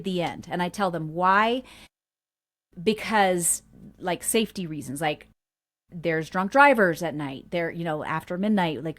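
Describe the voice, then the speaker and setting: A woman in her forties hosting a parenting workshop, talking earnestly and acting out little family stories. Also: fairly low pitch. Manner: earnest, storytelling, acts out quotes softly. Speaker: homeschool workshop host.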